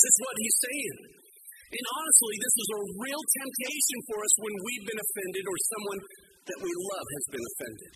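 A man's voice: high voice, lively intonation, moderate pace, very noisy. A man preaching a sermon as pastor, telling stories with animation and acting out the quoted voices.

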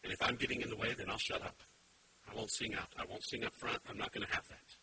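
A man preaching a sermon as pastor, emphatic, swinging from quiet asides to loud shouted points. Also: lowish voice, fast talker. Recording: steady background hiss.

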